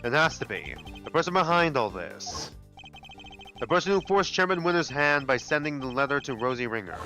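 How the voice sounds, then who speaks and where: A man voicing a cool, analytical male prosecutor, speaking in a measured, deliberate, lowered voice. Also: expressive, pushed and bright, faint music behind. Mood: composed. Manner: measured, deliberate, low and serious.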